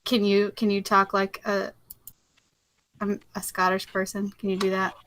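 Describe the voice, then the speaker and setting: A woman's voice: mid-range voice, monotone, moderate pace, fairly bright tone, slight background noise. A woman chatting casually on a group video call, rambling and laughing often.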